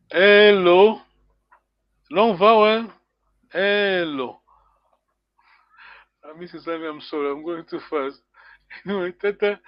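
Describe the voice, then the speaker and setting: A man leads a live language lesson, patiently repeating each word so students can copy it, with frequent chuckles. His voice sits fairly high, and he speaks slowly and deliberately. The call audio is dull and lo-fi, with a dry, close sound. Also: dry recording. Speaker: language teacher.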